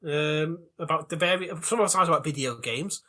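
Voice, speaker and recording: A man's voice: fairly high pitch, fairly quick, bright, forceful tone. A man co-hosting a crude comedy podcast, playful, swearing and laughing often. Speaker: podcast co-host.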